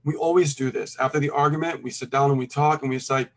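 A middle-aged man giving casual life advice, calm and full of "you know" and "okay" check-ins. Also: medium pitch, quick pace, slight background noise. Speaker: co-host.

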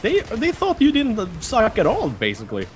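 A man's voice: sits high, moderate pace. A man from Sweden with a Swedish accent, chatting casually and joking while playing a shooter with a friend. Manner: joking, laughs often, excitable. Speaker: gaming YouTuber. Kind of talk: casual gameplay chat. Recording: gunfire and game noise behind.

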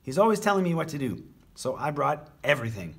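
A man's voice: on the high side, sing-song, quick pace, creaky, breathy edge, pitched above the performer's own voice, full character voice. A man doing Carl, a grumpy little boy. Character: small grumpy boy, bossy and impulsive.

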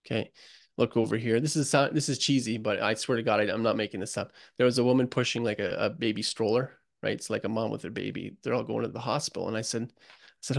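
A man's voice: lowish voice, fairly even intonation, fast talker, creaky, dry recording, clean studio sound. A man guest on a podcast interview, telling stories in an earnest, emotional, casual way and calling the host buddy. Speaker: guest, construction author.

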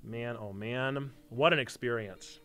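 Speaking at a measured pace and medium pitch over loud music, a streamer who also hosts a church community keeps his live stream casual. He reads aloud, jokes with viewers in a playful, self-mocking way, and makes chatty asides to chat.

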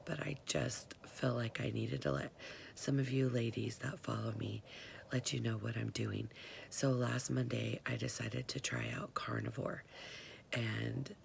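An older woman, hoarse and half-whispering, chatting casually to her followers from home in the morning. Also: a bass voice, steady tone, measured pace, a little hiss or hum. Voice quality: gravelly. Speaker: vlogger.

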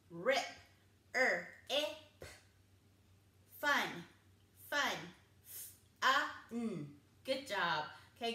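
A woman teaching kindergarten phonics, speaking slowly and clearly, repeating each word and sounding out its letters with encouragement. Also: fairly high pitch, sharp tone. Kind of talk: phonics lesson for young children. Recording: echoey room.

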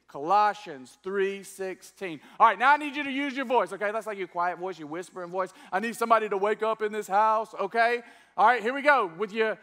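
A male pastor teaching a sermon to a church congregation. His voice sits high and rings bright and forceful. He talks with energy, coaxing the room to respond and join in. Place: church service before a congregation.

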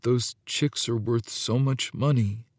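Brief: ashamed, worried young man in a storybook, read by a male narrator, subdued and hesitant, slow. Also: mid-range voice, expressive, dry recording, natural voice.

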